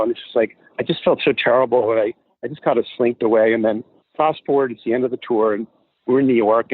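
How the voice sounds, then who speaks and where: Fast, animated male storyteller over a dry, tinny phone line. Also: medium pitch, no room sound. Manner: animated storyteller, acts out voices. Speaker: guest promoter. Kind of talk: telling a story on a podcast.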